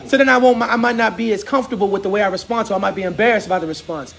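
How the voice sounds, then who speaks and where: High, gravelly-voiced man telling stories. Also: rapid-fire. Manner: laughs a lot, animated storytelling. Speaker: host. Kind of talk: casual barbershop chat. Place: barbershop.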